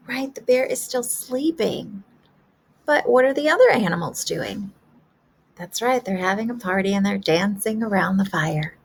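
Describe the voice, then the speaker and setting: A woman kindergarten teacher giving a remote lesson, asking young children gentle, encouraging questions about a story. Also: mid-range voice, lively intonation, normal speed, creaky, slightly rough.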